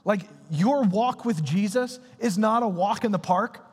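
A man's voice: high voice, a little slow, husky. A young man preaching a sermon in a casual, slangy, conversational way. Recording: reverberant hall.

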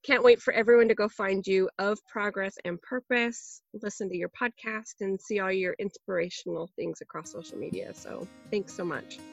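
A woman hosting a podcast in casual, upbeat chat, her voice croaky as she gets over a cold. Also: mid-range voice, normal speed, hardly any pauses, dry recording, muffled recording, faint music behind. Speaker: podcast host.

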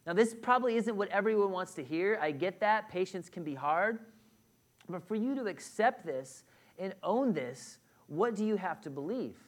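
A pastor preaches to a congregation in a church hall, his high voice animated and at normal speed. He's conversational and direct, often checking in with the room.

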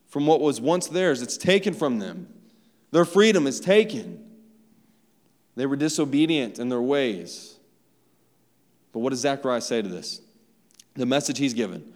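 A man's voice: medium pitch, animated, moderate pace, pauses often. A young man preaching a sermon to his church in a loose, conversational way, tossing in "right?" and "like" as he goes. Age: young adult. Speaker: pastor. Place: church sanctuary. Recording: long reverb of a large hall.

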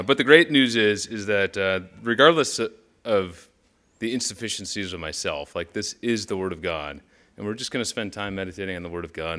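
A pastor teaches in a casual devotional style, speaking conversationally but breaking into urgent, emphatic bursts when reading Scripture. His voice is lowish, pushed and bright.

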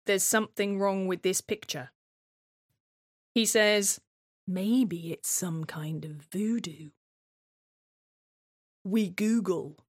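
A woman's voice: lowish voice, no echo, clean studio sound. A woman performing a scripted dramatic monologue in a tense, wary, obsessive way. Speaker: playwright and solo performer.

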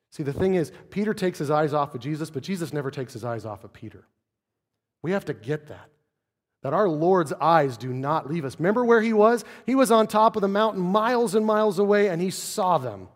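Pastor, male, casual preaching tone full of rhetorical questions, raised and hushed by turns, echoing sanctuary. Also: fairly high pitch. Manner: conversational preaching, rhetorical questions, swings from loud to soft. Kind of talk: sermon. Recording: long hall reverb.

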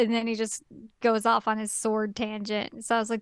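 Young woman cohost, high voice, dry sound, chatty and amused, lots of likes and ums. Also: steady tone, brisk, a bit bright, smooth, dry recording. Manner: chatty, filler-heavy, amused. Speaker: podcast co-host. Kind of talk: casual recap chat.

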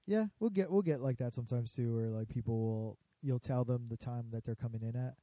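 A man tells work stories in casual, profanity-laced chat, mimicking difficult customers as he goes. His voice is dark and mellow, recorded close and dry. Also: medium pitch, brisk, no echo. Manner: profane, storytelling, acts out customers. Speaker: barbershop worker.

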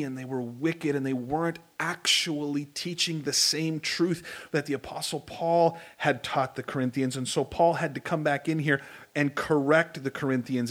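A male pastor delivers a sermon in a lively, conversational style, slipping in humorous asides. His voice sits a little high for a man.

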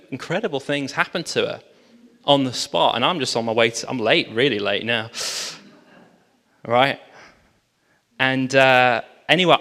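A man preaching from the front of a church hall, telling his story with lively energy and acting out the voices of the people in it. His voice sits in an ordinary middle pitch for a man. A long reverb from the big room trails after each phrase. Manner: animated storytelling with quoted dialogue. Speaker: pastor. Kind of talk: sermon storytelling.

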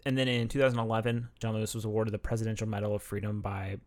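This man speaks in a lowish voice at a very fast clip. He co-hosts a podcast, chatting casually and reading out facts with laughing asides in a relaxed, chatty way.

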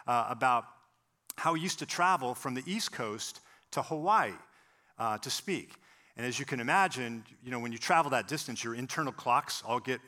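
A man preaching a sermon, telling a story and acting out the voices of the people in it. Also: medium pitch. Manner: animated storyteller, acts out quoted voices. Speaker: pastor.

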